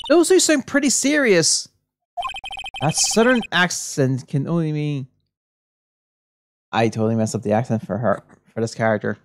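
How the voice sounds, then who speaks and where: A woman streaming a game playthrough, reading the lines aloud in a casual, lively voice. Game music runs clearly in the background. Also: sits low, normal speed, pauses often.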